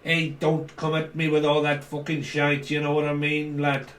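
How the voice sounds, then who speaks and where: Guy doing a loud cheeky liverpool lad, high and brash, echoey room. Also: monotone, normal speed, natural voice. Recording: roomy, distant mic.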